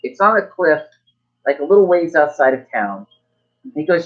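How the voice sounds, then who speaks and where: Laid-back game master narrating loosely, middle pitch, muffled lo-fi sound. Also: sing-song, moderate pace. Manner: casual, loose, fillers like "like".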